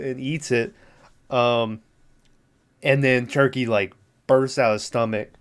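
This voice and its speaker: Casual podcast host, male, smooth clear voice, rambles and swears, laughs a lot. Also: medium pitch, steady tone, moderate pace. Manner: laughing, profane, rambling with many fillers. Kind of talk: casual movie recap.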